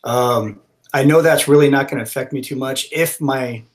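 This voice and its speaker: A man's voice: mid-range voice, normal speed. A man playing a tabletop role-playing game, describing his moves in a casual, rambling way. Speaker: player.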